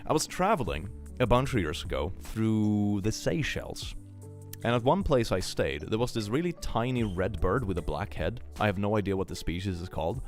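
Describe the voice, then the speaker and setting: Young male streamer, casual chat, lively pitch swings, lowish voice, faint music behind. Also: normal speed. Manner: animated, joking, laughs often.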